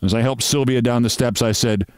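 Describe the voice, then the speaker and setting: A man's voice: medium pitch, fairly even intonation, brisk, a little mellow, clear, resonant tone, no room sound. Man reading a story aloud, dry sound. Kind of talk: storytelling narration.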